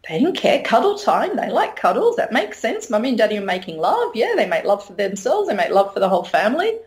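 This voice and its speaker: A woman's voice: a little high, big pitch swings, quick pace. A middle-aged woman, talking frankly as an interview guest and laughing often. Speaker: interview guest, sex educator. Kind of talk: candid conversational interview.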